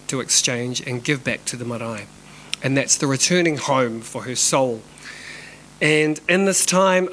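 New guy telling a personal story, candid, swears a lot, mid pitch, bit of faint hiss behind. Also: a bit bright, rough recording. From New Zealand. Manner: candid, swears freely, drops to whispers. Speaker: dance company director telling a personal story.

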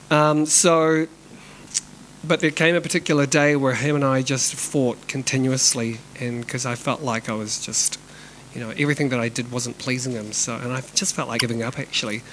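Heard through a low-quality recording with a little hiss or hum, a medium-pitched, slightly bright male voice tells a personal story. He's a middle-aged dance company director from New Zealand, candid and free with swear words, occasionally dropping to a whisper.

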